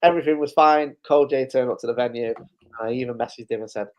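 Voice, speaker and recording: A man's voice: mid-range voice, fairly even intonation, fast, a little mellow. A man hosting a live-stream recap, chatting casually, swearing freely and chuckling through his stories. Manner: loose, swearing, chuckling storyteller. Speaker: host.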